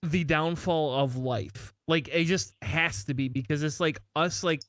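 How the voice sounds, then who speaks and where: Here the man behind the podcast, having had some drinks, drifts from joke to joke and keeps interrupting himself in loose banter. He talks a little slowly in a fairly bright voice on the high side, recorded with no room sound.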